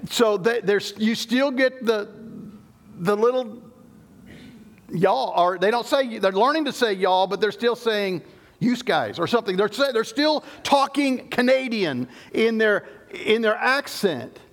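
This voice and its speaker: A man's voice: sits high, animated, a little slow, fairly bright tone. A middle-aged man preaching a sermon, explaining scripture emphatically and often restarting his sentences. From Southern United States. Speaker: pastor.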